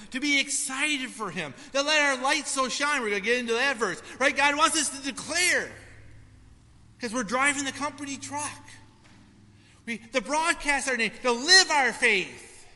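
A man preaching a sermon in a church, in a conversational style with frequent "right?" asides, swinging from hushed storytelling to loud emphasis. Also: very high voice, lively intonation, a little slow. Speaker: pastor. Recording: hall reverb.

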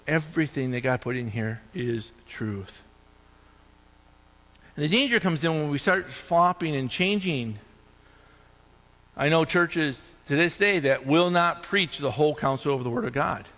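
A male pastor delivering an animated sermon, his voice climbing high on points of emphasis. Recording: long hall reverb.

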